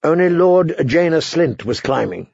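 A male audiobook narrator tells the story steadily in a gravelly voice that is a little husky and sits somewhat high. The recording is dry and slightly dull. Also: lively intonation, a little slow, darkish tone, no room sound. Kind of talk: scripted narration.

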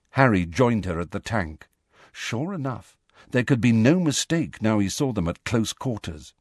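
A man reading a novel aloud as an audiobook narrator, in a measured storytelling manner. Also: fairly low pitch, sing-song, no room sound, studio quality. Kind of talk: scripted narration.

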